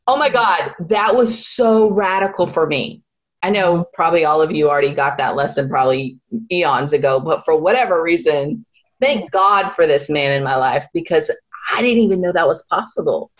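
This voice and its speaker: A woman's voice: low-pitched, moderate pace. Earnest woman on a dull lo-fi line. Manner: earnest and excitable. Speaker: group participant. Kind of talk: personal sharing in a group. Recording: dull lo-fi sound.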